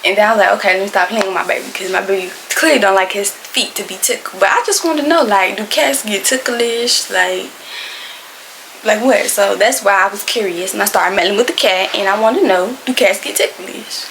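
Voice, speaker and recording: A young adult woman telling a storytime tale in casual slangy speech, loud and animated, acting out what people said. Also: medium pitch, brisk, creaky, slight background noise, low-quality recording. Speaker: storytime vlogger.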